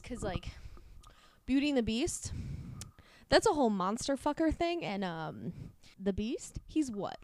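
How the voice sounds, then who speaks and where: A woman's voice: a little high, no room sound. A young woman co-hosting a podcast, chatting casually in a brash, bawdy way and swearing freely. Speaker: podcast co-host. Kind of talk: casual chat.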